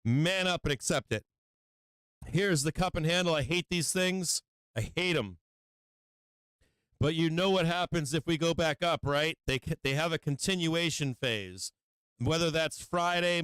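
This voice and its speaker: A man hosting a live stock market stream from his home office, swearing constantly and talking in an agitated, rapid-fire way. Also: on the high side, a bit bright, clean tone, no room sound. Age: adult with children. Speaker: stock market livestream host. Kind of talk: live market commentary to viewers.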